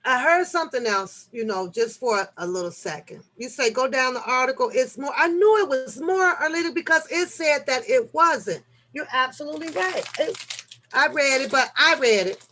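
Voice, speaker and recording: A woman hosting a casual live-stream chat, reading news articles aloud and joking back at her viewers, shifting from low mutters to loud laughing outbursts. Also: slight background noise. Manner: chatty, reads articles aloud, jokes with the chat.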